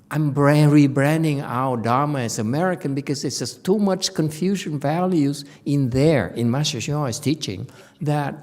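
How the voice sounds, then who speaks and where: Blunt, fairly high-voiced male Buddhist teacher. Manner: blunt, scolding, repeats himself for emphasis. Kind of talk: informal Dharma lecture. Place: meditation center hall.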